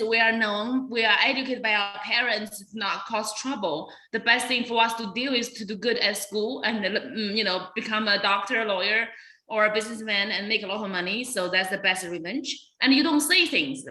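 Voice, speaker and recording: A woman's voice: on the high side, moderate pace, pushed and bright, reverberant, poor audio. A woman comedian in an interview, speaking bluntly and profanely and laughing at her own jokes. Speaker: comedian guest. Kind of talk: casual interview talk.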